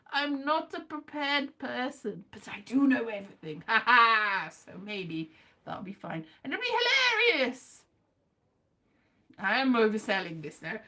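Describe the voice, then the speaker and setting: A woman's voice: fairly high pitch, pushed and bright. A woman hosting a casual live chat, rambling and self-mocking, now and then breaking into sung lines. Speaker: livestream host.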